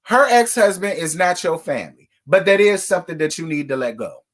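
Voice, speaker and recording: A man's voice: high voice, expressive, brisk. A man hosting a casual reality TV recap, talking bluntly and profanely in a scolding tone. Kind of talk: casual commentary rant.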